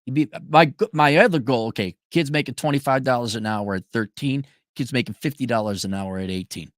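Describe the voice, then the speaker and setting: A man's voice: mid-range voice, brisk, dry recording, studio quality. Blunt, profane man ranting. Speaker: show host reading viewer donations. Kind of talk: casual livestream rant.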